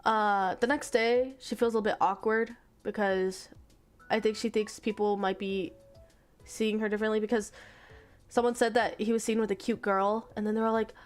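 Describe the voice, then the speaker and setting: A woman's voice: medium pitch, steady tone, moderate pace, faint music behind. A young woman streaming, casually retelling a story in a rambling way, full of 'like' and the odd swear.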